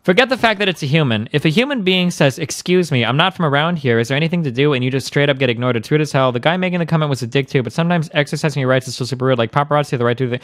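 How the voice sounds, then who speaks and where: A man's voice: on the high side, expressive, fairly bright tone. A young man streaming, ranting and arguing in a profane, heated, casual way. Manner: profane, fast, argumentative.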